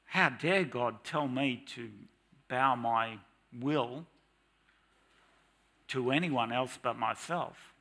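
In church, a middle-aged man delivers a dramatic, animated sermon, at moments mock-shouting for emphasis. He speaks very slowly at a medium pitch, with vocal fry and long pauses.

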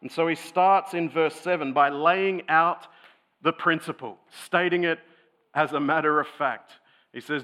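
Male pastor, slightly high, sharp and bright tone, conversational sermon delivery. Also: unhurried. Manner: conversational, thoughtful teaching tone with occasional light laughs. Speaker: preacher.

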